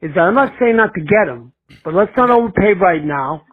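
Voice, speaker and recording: An older man calling into a fan show, laying out a measured, cautious opinion. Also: high voice, animated. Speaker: caller. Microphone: phone. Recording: tinny phone line.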